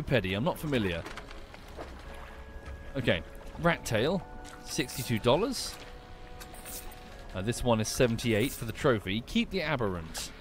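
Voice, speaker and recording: Chatty man with lively pitch. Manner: chatty, wry, swears casually. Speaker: streamer. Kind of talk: casual gameplay commentary.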